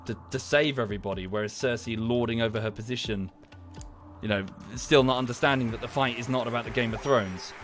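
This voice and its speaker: A man's voice: a little fast, a bit bright, soft background music. Ranting man streaming games. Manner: rambling, heated rant with sudden high outbursts. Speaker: gaming streamer. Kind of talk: casual stream chat.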